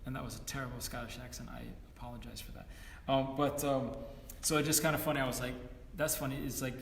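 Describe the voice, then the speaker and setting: A man's voice: medium pitch, quick pace, a little hiss or hum. Distant, roomy-sounding male musician chatting. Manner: rambling and self-deprecating, with many fillers. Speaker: musician playing an online concert. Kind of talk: casual chat between songs.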